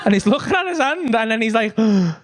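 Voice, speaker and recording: A man doing stand-up with a high voice that leaps all over the place. He bursts into loud put-on voices as he tells his tale. The live club recording carries clear background noise and laughter. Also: fast talker. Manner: animated, acts out characters with shouted voices. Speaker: stand-up comedian. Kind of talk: stand-up storytelling. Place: comedy club stage. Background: audience laughter.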